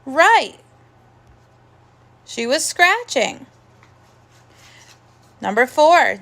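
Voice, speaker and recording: Slow, bright-voiced woman teaching phonics. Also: high-pitched, very animated. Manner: slow, clear, encouraging teacher talk with drawn-out sounds. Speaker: first grade teacher. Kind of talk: recorded phonics lesson.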